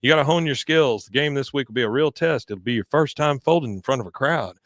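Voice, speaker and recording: A man doing Hank, a brisk eager dad voice. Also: medium pitch, a bit bright, dry recording, lightly acted. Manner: eager, brisk, oblivious to his son. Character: football-loving middle-aged Texan dad.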